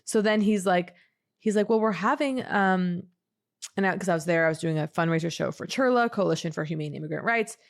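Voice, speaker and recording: A woman's voice: on the low side, brisk, gravelly. A woman in her thirties co-hosting a podcast, telling a long rambling story in casual chat and acting out what people said. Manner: animated, rambling, acts out quotes. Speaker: podcast co-host.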